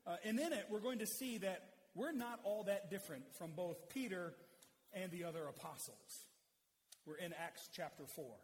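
A man's voice: sits high, moderate pace, slight background noise. A man preaching an expository sermon in a conversational, explanatory way. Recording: long hall reverb.

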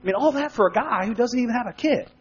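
A man preaching a sermon in a conversational way, acting out quick spoken asides. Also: very high-pitched, expressive, slightly rough. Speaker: pastor. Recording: dull sound with long hall reverb.

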